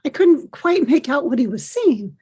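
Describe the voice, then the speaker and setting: An older woman hosting a podcast, telling a personal story in a gentle, reflective way. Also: high voice, big pitch swings, moderate pace. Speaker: podcast host.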